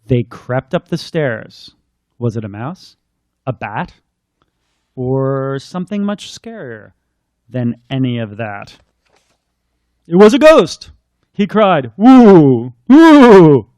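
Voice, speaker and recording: A man's voice: medium pitch, big pitch swings, slow, pauses often, a little mellow, no echo, studio quality. A man, a children's book author, chatting in rambling asides and then reading his picture book aloud.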